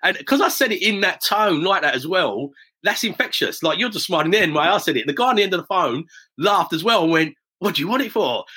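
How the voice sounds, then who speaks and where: A middle-aged man talks quickly in a bright, slightly husky voice. He tells stories in a casual, anecdotal way and slips into the voices of people he quotes. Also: high-pitched, lively intonation. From south-east England, near Romford. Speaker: property investor, guest. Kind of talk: casual storytelling interview.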